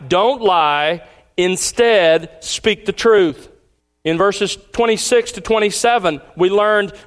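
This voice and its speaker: A man preaching a sermon, deliberate and emphatic, repeating key lines slowly for weight. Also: sits high. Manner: deliberate preaching cadence with pauses. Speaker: pastor.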